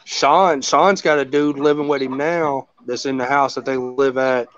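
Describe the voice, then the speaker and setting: The audio is dull as a medium-pitched man hosts a casual chat at normal speed. He meanders through animated stories, cursing freely along the way.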